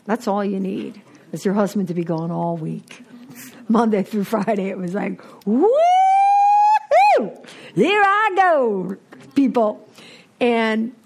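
Gravelly candid New woman. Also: medium pitch. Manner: candid, animated storytelling with acted-out quotes. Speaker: recovering alcoholic sharing her story. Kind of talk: recovery meeting talk.

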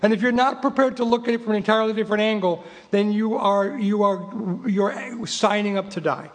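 A man's voice: high voice, a little fast, big-room sound. A man in his fifties, originally from England, giving an emphatic, wryly humorous recovery talk and reading from a book. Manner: emphatic and repetitive, wry humor. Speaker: recovery meeting speaker.

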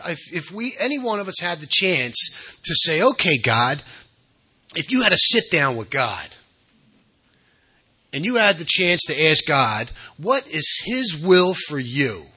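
Bright, husky-voiced man telling it straight. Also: fairly high pitch. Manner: blunt, conversational, with loudness swinging from soft asides to emphatic bursts. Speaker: speaker at a recovery workshop. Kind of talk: candid personal storytelling talk.

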